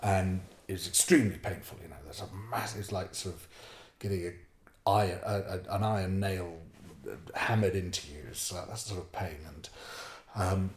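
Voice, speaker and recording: Low-voiced man telling a lively story. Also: moderate pace, roomy sound, a little hiss or hum. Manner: animated, hesitant with many ums, acts out his own panic. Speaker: podcast guest storyteller. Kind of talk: casual spoken storytelling.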